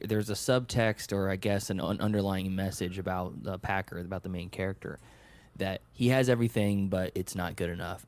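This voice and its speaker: A man hosting a podcast, musing over a film in a halting, thoughtful way, full of restarts. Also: low-pitched, darkish tone. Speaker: podcast host. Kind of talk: casual film review chat.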